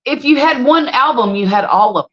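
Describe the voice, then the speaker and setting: A middle-aged woman, hosting a casual livestream and chatting with viewers as an animated storyteller. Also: sits high, moderate pace. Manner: animated storyteller, exclaims freely. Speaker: livestream host. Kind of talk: casual livestream chat, reading viewer comments. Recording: slightly dull lo-fi stream audio.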